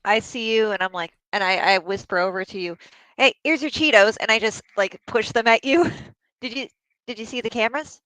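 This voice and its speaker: Female player, bright sharp tone, musing, dry mic. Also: mid-range voice, steady tone, no room sound, rough recording. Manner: musing, drawn-out hums. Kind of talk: tabletop game play.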